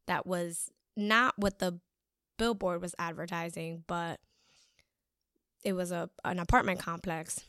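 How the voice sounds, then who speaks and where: A young woman shares a personal story in a casual, rambling monologue, full of fillers and quoted asides. Her voice is smooth and clear. It is recorded dry and close, with no room sound. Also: fairly low pitch, fairly even intonation, unhurried, bright, forceful tone, no echo. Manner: chatty, storytelling with many fillers and acted-out quotes. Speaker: speaker sharing a life lesson.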